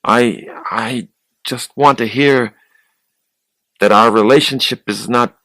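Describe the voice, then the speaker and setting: A man reading the lines of a tired younger man who speaks softly and hesitantly. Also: medium pitch, takes it slowly, dry recording. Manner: soft, hesitant.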